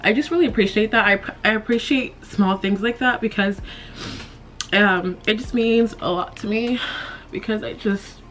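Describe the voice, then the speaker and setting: Faint music plays behind a young beauty vlogger as she chats through her makeup routine in a get-ready-with-me video. Emotional and near tears, she sighs and laughs nervously, speaking at normal speed in a medium-pitched, fairly bright voice.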